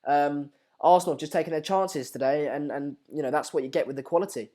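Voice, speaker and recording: A man's voice: fairly high pitch, fast talker, dark tone. A young man hosting a live-stream football watchalong, chatting casually and reading viewer comments with plenty of ums and uhs. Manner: chatty, reads out viewer comments with lots of fillers.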